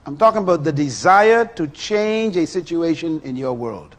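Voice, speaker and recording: A middle-aged man preaching a sermon, animated and full of rhetorical questions to his listeners. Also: on the high side, moderate pace.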